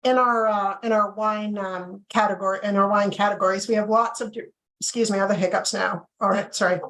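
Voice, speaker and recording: A woman's voice: medium pitch, level tone, brisk, a bit bright, poor audio. A woman casually leading a wine and cheese tasting on a video call, chatty and asking "okay?" after each point. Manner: chatty, checks in with okay often. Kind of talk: casual live tasting demo.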